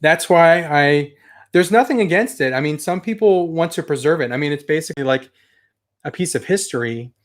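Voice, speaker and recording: A man's voice: a little high, normal speed. Chatty man hosting a toy livestream. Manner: chatty, rambling, enthusiastic, mild swearing. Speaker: toy collector channel host. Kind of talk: casual livestream chat reading viewer comments.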